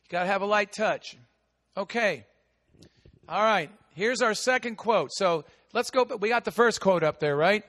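A man preaching a sermon as pastor, with a big voice that swings from shouting to hushed asides. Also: high voice, expressive, normal speed, in a large hall. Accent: American. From United States.

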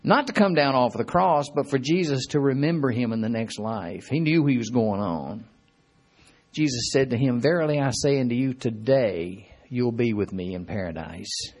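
A man's voice: medium pitch, animated, normal speed, a little mellow. A man preaching a sermon in a folksy, conversational way, his voice rising and dropping dramatically as he reads and retells scripture.

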